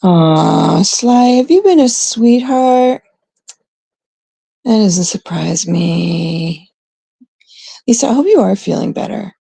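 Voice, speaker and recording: A woman's voice: mid-range voice, animated, takes it slowly, creaky, long pauses, mellow, breathy edge, no room sound. A Canadian woman in casual, unscripted talk to her chat, blunt and rambling, swearing often. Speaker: streamer talking to chat.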